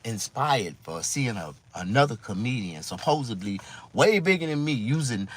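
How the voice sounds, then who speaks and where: Husky man, lowish voice, lively pitch swings, rambling profane comedian monologue. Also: moderate pace. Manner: swings between loud and low. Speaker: stand-up comedian. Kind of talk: casual monologue to camera.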